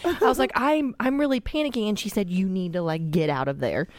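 A woman's voice: medium pitch, a little fast, no echo. A woman, a podcast guest, telling a long funny story in casual chat and often breaking into laughter.

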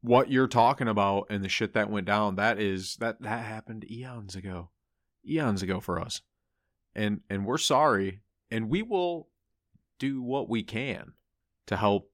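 Man, tabletop player, casual joking banter, low voice, dry recording. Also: unhurried, dry recording. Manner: joking, swearing, excitable. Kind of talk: casual chat while playing a tabletop game.

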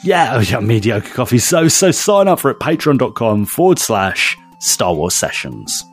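A man's voice: medium pitch, very animated, normal speed, husky, faint music behind. A man co-hosting a casual podcast, cheerful and jokey, laughing a lot. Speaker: podcast co-host.

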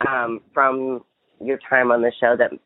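A woman's voice: rumbling low, little pitch movement, unhurried, dry recording, phone-quality sound. A woman hosting a casual interview, encouraging her guest with frequent affirmations, heard over remote call audio. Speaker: podcast host.

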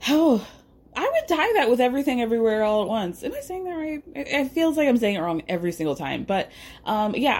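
A woman's voice: fairly high pitch, darkish tone. Woman podcaster gossiping about pop culture, super chatty, lots of um and like, voice jumps way up when she makes a point. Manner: chatty and gossipy, with frequent fillers and asides. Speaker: podcast host. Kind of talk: casual pop-culture chat.

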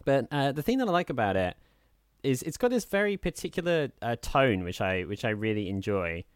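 In a clean studio recording without room sound, a man co-hosting a podcast talks briskly at medium pitch with big pitch swings. The casual chat rambles with many fillers, occasionally dipping into a soft, smooth affected voice.

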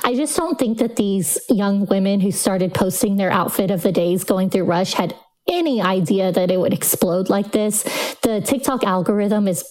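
Woman, podcast guest, chatty, opinionated, casual fillers, mid pitch. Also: normal speed, a little mellow, rough recording. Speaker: guest commentator. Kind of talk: podcast interview answers.

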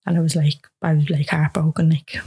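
A woman's voice: deep voice, flat delivery, fairly quick, gravelly, mellow, breathy edge. A young woman telling a personal story in an interview, rambling with many fillers and acting out dialogue.

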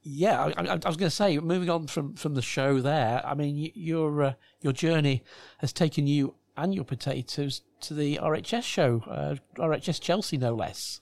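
A man interviewing a guest, encouraging him and asking halting questions. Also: fairly high pitch, creaky, darkish tone, no echo. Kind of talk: conversational interviewing.

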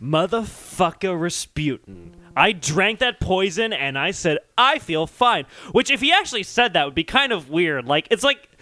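A man's voice: sits high, big pitch swings, moderate pace, few pauses, sharp tone, a little hiss or hum. A man co-hosting a podcast, chatting casually with crude jokes. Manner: crude, joking. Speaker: podcast co-host. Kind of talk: casual comedic chat.

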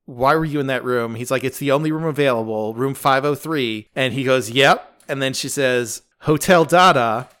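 Man, podcast co-host, smooth clear voice, middle pitch, animated recap chatter. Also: a little fast, few pauses. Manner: animated scene-by-scene retelling with quoted lines. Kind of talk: casual recap chat. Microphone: close home podcast mic.

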